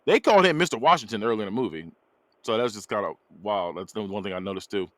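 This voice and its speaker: Male podcast host, animated storyteller, very expressive pitch, dry mic. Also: fast talker, no room sound. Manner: animated storyteller, laughs often. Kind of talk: casual movie recap chat.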